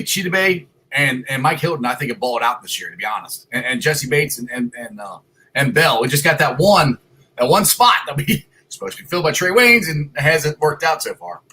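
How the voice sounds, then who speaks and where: Excitable sports podcast host. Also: male voice, medium pitch, husky, poor audio. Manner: loud, excitable, rambling with restarts. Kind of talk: casual sports talk show. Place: son's home, at a computer. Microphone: computer mic.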